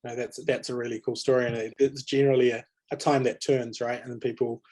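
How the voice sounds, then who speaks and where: A man moderates a panel discussion over a video call mic. He sounds conversational and mid-pitched, and he often restarts his sentences. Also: flat delivery, fairly quick, a little mellow. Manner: conversational, many fillers and restarts. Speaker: webinar moderator.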